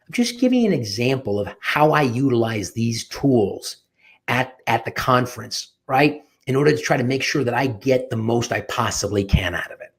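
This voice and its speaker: A husky-voiced man gives a fired-up motivational talk on sales and networking. He speaks emphatically, with frequent restarts and self-corrections, at a middle pitch. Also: moderate pace. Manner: energetic, emphatic, with many restarts.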